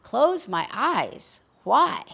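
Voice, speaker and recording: A wise, calm roadrunner woman in a spoken folk tale, as a woman storyteller puts her on. She speaks patiently and gently firm, with a gravelly grain to her voice. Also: fairly high pitch, drawn-out words, pitched above the performer's own voice, full character voice. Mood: wary.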